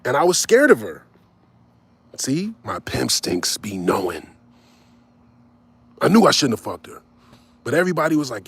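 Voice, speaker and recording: A man casually telling a personal story in an animated, slangy way, with frequent asides to his listeners. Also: mid-range voice, normal speed, pauses often, breathy edge. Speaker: host.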